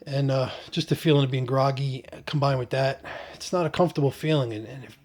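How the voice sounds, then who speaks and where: A man's voice: mid-range voice, a little fast. Casual man telling a story with fillers. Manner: relaxed, joking, frequent fillers and restarts. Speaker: vlogger recounting his surgery. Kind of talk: casual first-person storytelling.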